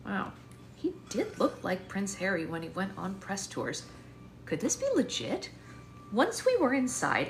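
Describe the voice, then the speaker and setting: A woman author reading her own novel aloud in a live stream at home, with wry, expressive first-person narration on a phone mic. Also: fairly low pitch, slight background noise.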